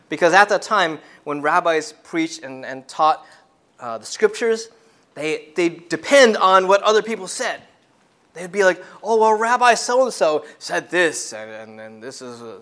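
A man preaching a sermon in an earnest way, often repeating and restarting words, swinging between loud and soft. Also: fairly high pitch.

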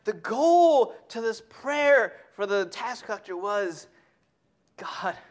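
A preacher giving a sermon who tells a family story and drops to a hushed whisper on key points. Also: mid-range voice, lively intonation, slow pace.

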